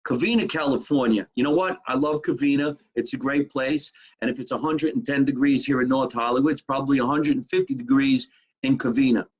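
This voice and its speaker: A brash, wisecracking middle-aged comedian from Jersey City, New Jersey hosts a live show from his apartment kitchen and reads viewer comments aloud. His medium-pitched voice is steady, brisk and slightly rough, captured on a muffled recording.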